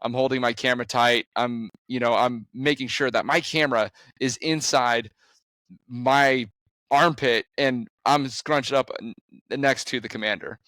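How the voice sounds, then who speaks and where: A man's voice: a little slow, no room sound. Man telling a story, dry close sound. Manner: animated storytelling with sudden rises in pitch; frequent restarts and fillers. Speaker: conservation photographer. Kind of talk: recounting an adventure story.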